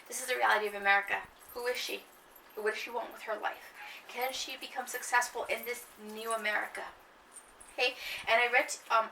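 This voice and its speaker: A woman teacher giving a classroom lecture, lively and emphatic, often checking in with her class. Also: a little high, gravelly, slight background noise. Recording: echoey room, mic far off.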